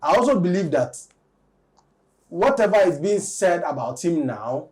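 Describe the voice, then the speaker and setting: Measured male commentator. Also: a little high, big pitch swings, a little mellow. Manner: measured, deliberate, weighs both sides. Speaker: entertainment commentator. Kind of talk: talk show discussion.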